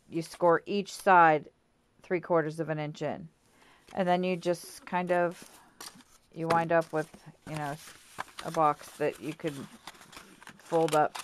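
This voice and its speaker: Woman, slightly low voice, casual crafting vlog, rambling, lots of ums, apologetic asides. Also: smooth. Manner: chatty and rambling, full of fillers and self-corrections. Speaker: craft vlogger.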